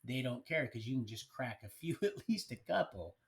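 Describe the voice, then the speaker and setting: A man's voice: medium pitch, big pitch swings, normal speed, vocal fry, slight background noise. A man casually telling his life story on a live stream, rambling and colloquial, with frequent restarts. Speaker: livestream storyteller. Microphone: streaming mic.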